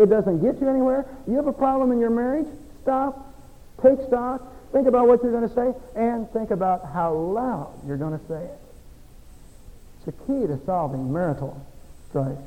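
A middle-aged man delivers a sermon in a fairly high, soft and dark-toned voice. He moves between quiet, confiding stretches and forceful exhortation, dropping in folksy, self-mocking asides. His words ring out with a long reverb from a church sanctuary. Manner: preaching with swings from soft to emphatic. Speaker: pastor.

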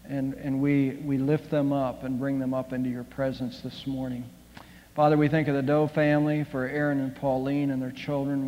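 A male pastor leading an earnest, halting prayer during a sermon. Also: medium pitch, dark tone, slight background noise. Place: church sanctuary. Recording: long hall reverb.

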